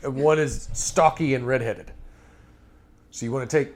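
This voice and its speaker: A man's voice: medium pitch, moderate pace. A man running a tabletop game as game master, narrating scenes and asking players for decisions in an amused, easygoing way.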